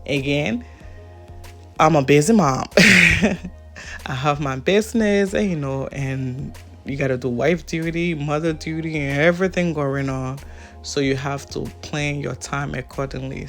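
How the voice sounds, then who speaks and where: A woman's voice: sits low, a little slow, faint music behind. A woman from Africa with an African accent, chatting casually to her viewers in a vlog and laughing often. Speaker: vlogger.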